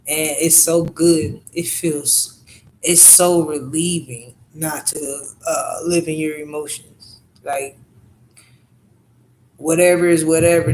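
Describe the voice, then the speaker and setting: A woman's voice: deep voice, darkish tone, a little hiss or hum, poor audio. A woman vlogger telling rambling, profane stories in a casual monologue, often asking "you know what I'm saying".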